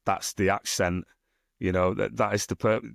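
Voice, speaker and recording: A northern English man talks in a loose, rambling podcast chat, throwing in casual swearing and playful teasing. His voice sits low. The sound is dry and close, with no room around it. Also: fairly even intonation, normal speed, gravelly, dry recording. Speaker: podcast co-host and self-published author.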